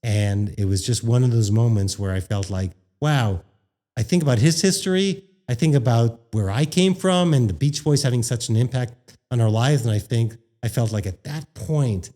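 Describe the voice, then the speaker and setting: A man from Canada chats on a podcast, telling a story in a warm, mellow voice. He is animated and acts out the quoted lines of dialogue in a higher voice. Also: normal speed. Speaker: podcast guest, former radio worker. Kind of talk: casual storytelling chat.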